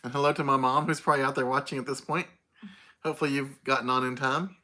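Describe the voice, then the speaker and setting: Bright-voiced tired man hosting. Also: mid-range voice, steady tone, fast. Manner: greets viewers by name, playful. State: tired, stuffy nose. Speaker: livestream host. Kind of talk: casual livestream chat.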